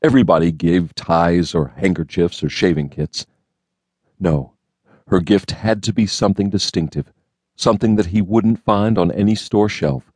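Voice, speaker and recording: A man narrates an audiobook in a steady, measured way. His voice is very low and even. The recording is close and dry, made at a studio mic. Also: slightly rough, dry recording. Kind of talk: scripted narration.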